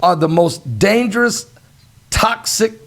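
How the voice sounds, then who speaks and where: Gravelly folksy male show host. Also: high voice, animated, slow pace, fairly bright tone. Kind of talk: casual talk-show chat.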